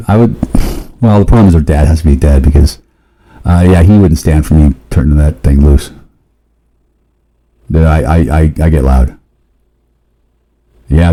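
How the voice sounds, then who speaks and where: A man talks in a loose, rambling monologue, swearing freely and often restarting his sentences. His voice sits fairly low and sounds mellow and dark. Every so often it leaps suddenly higher. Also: moderate pace, long pauses, a little hiss or hum, poor audio.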